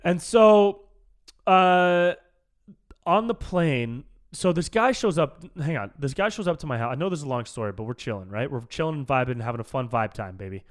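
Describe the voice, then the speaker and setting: A man hosting a solo podcast, telling a story in a casual, animated, jokey way. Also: on the high side, moderate pace. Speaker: podcast host.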